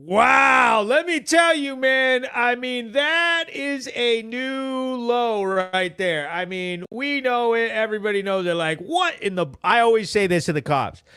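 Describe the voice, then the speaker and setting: Fired up guy doing casual commentary, high bright voice, swears a lot. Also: measured pace, hardly any pauses, clean tone. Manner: loud, blunt, fired up, swears. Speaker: news show host.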